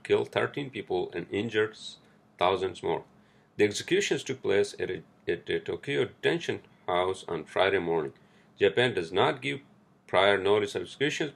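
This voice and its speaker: A man's voice: low voice, creaky. A man hosting a solo podcast, rambling and swearing heavily as he rants about the news, then reading an article aloud. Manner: profane, ranting, rambling with restarts. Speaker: podcast host.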